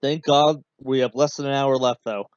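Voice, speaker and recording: A podcast host offers casual watch-along commentary on a match, rambling through many fillers and becoming sarcastic and exasperated. He speaks at a medium pitch in a steady tone and moderate pace. The dull, dry podcast mic has no echo.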